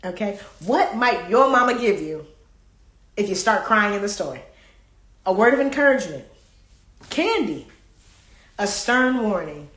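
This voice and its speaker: Her medium-pitched, slightly bright voice swings widely in pitch, moving at a measured pace with long pauses. She hosts a live card game playfully, reading cards aloud and singing song fragments in an echoey space.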